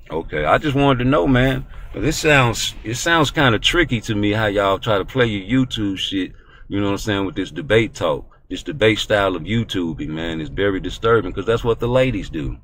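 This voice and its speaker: A man hosting a boxing talk show, ranting in a profane, animated way. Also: medium pitch, normal speed. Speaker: host.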